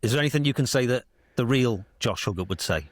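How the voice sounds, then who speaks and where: A man's voice: medium pitch, animated, fast talker, no room sound, studio quality. A man appearing as a guest on a podcast, polite and dryly humorous. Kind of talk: casual podcast chat.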